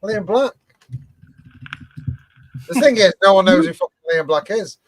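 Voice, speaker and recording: A male co-host teases his guests in crude live banter. His delivery is lively and swings up and down. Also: high voice, a little slow, poor audio. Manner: teasing, sweary.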